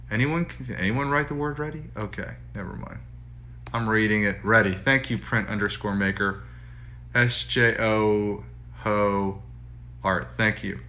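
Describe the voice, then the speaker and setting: Bright-voiced chatty male painter. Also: on the low side, slight background noise. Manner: chatty, restarts and repeats phrases. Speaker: painter hosting a livestream. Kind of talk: casual livestream chat and reading aloud. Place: art studio, indoors. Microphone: phone streaming live.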